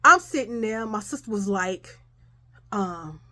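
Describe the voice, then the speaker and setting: A woman telling a childhood story in a casual, profane, animated way, often addressing listeners as y'all. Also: mid-range voice, measured pace.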